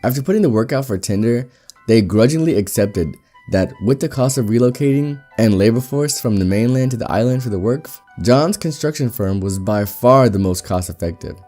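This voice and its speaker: A man narrating a reddit story aloud in a brisk storytelling manner. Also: medium pitch, lively intonation, warm tone, faint music behind. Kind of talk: reading reddit stories aloud.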